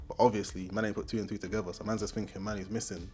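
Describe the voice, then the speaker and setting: A young man retelling a film in heavy slang, animated and jumping into loud character voices. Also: lowish voice, rapid-fire, hardly any pauses, slight background noise. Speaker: film recap host. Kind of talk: comedic slang-heavy movie recap.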